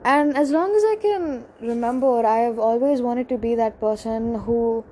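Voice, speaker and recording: A young woman telling a personal story in a halting, emotional confessional monologue, full of pauses and restarts. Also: on the high side, warm tone, a little hiss or hum, low-quality recording. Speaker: speaker sharing a personal story.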